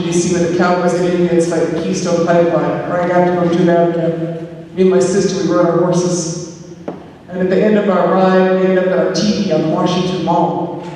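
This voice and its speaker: A middle-aged woman addresses an event crowd, talking in a relaxed, wry way that keeps drifting into "you know." Her voice stays fairly even in pitch. She is heard from a distance in a large hall with a long echo tail. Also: slight background noise. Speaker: guest speaker at an activist event. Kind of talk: public speech with casual storytelling. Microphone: far from the recording mic. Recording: echoey hall recorded from far off.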